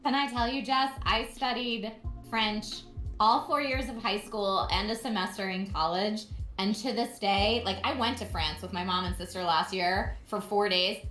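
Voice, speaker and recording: A woman from Philadelphia telling animated stories in casual chat. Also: mid-range voice, normal speed. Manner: animated storytelling. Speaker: guest. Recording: roomy echo, faint music.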